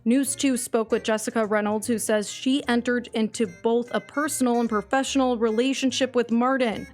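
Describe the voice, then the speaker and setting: A woman reporter with a fairly high voice reads a scripted news story. Her delivery is measured and even, the steady tone of a broadcast report. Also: faint music behind.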